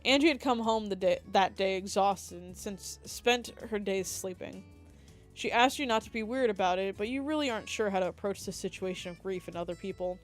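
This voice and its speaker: A young woman, a streamer, reading the text of a dating game aloud with lively asides and slips. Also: medium pitch, fairly quick, soft background music.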